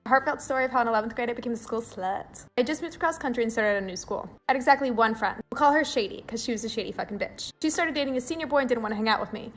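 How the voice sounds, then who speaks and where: A woman's voice: a little high, racing, few pauses, fairly bright tone. A woman telling a story in a vlog, brash and sardonic.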